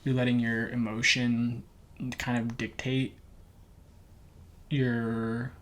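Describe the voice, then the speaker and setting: A man co-hosting a podcast, responding in casual chat with short, hesitant, gentle replies. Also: mid-range voice, little pitch movement, takes it slowly. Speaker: podcast co-host.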